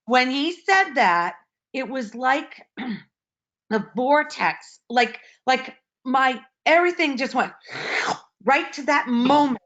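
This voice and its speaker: A woman's voice: sits high, animated, takes it slowly, a bit bright. Emotional woman retelling a story on a lo-fi call. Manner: emotional, breathless retelling with many restarts. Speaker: participant sharing a story.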